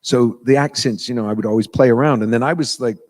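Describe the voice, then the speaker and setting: An American man, a voice actor guest at a convention panel, telling lively stories and slipping into voices in an auditorium. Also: medium pitch, fast. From United States. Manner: animated storyteller, slips into voices and impressions.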